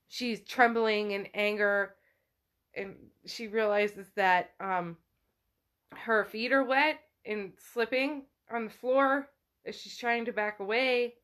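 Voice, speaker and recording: A woman's voice: on the high side, steady tone, takes it slowly, a bit bright. A woman podcast host casually retelling a novel chapter by chapter, peppering her speech with "like". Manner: chatty, peppered with "like".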